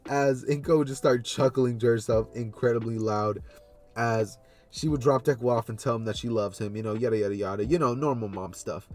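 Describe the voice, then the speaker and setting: A man's voice: medium pitch, fairly quick, darkish tone, faint music behind. A man casually narrating a fan story, rambling with many fillers and loose links.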